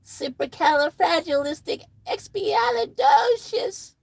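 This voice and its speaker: A woman putting on a melodramatic young storybook woman with a shrill, swooping voice that stretches out every word. She sounds close and dry, with no room sound around her. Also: expressive, vocal fry, no room sound, heavily acted. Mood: grandiose. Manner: shrill, theatrical, drawn-out delivery. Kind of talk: improvised storytelling.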